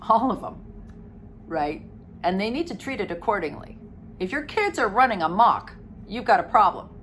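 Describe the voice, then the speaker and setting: A woman's voice: medium pitch, expressive, moderate pace, a bit bright, a little hiss or hum. A middle-aged woman giving direct, emphatic advice on setting household rules and boundaries, acting out quoted family members as she goes. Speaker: codependency recovery coach. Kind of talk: direct-to-camera advice talk.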